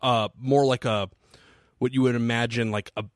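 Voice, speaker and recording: A man co-hosting a casual movie commentary podcast, excitable and swearing freely, breaking into laughter often. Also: mid-range voice, moderate pace, no room sound, clean studio sound. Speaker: podcast co-host.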